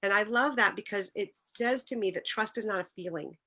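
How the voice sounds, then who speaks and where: A middle-aged woman speaks with a bright, forward tone in an earnest devotional talk. Her delivery is personal and heartfelt, sometimes emotional, with small restarts as she tells her stories. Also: mid-range voice, fairly quick.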